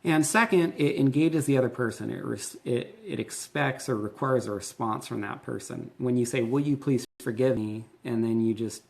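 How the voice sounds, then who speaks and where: A man's voice: mid-range voice, moderate pace, gravelly, hardly any pauses, darkish tone. A man in his thirties, a pastor and host, explaining things in a casual, candid and earnest way. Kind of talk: casual conversational teaching.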